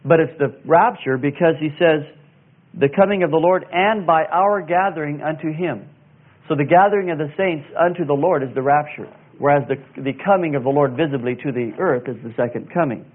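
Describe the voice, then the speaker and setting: A man teaching verse by verse through a Bible passage, slow and deliberate, pausing with fillers and spelling out Greek words. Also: on the high side. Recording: tinny phone-like sound.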